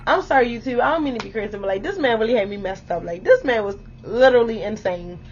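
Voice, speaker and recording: A young woman vlogger telling a story to her viewers in a blunt, animated way, swearing freely and speaking to them directly. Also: fairly high pitch, quick pace, highs cut off. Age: young adult.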